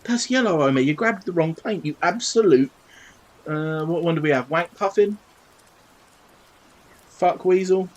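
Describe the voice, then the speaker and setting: A British man in his thirties, voice a little high, speaks at a measured pace and pauses often; the audio is poor. Painting models at his home desk on a live stream, he chats cheekily and swears playfully.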